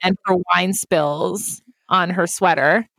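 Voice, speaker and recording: A woman co-hosting a casual movie recap chat, animated and quick to laugh, swearing freely. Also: fairly low pitch, gravelly, no room sound, studio quality. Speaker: podcast co-host.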